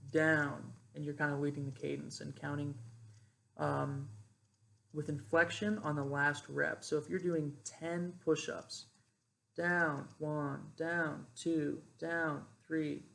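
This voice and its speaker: A man's voice: fairly high pitch, creaky, bright, forceful tone. A young man, a cadet, casually explaining how to call exercises and demonstrating drill cadence. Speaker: ROTC cadet instructor. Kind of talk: informal instructional explanation.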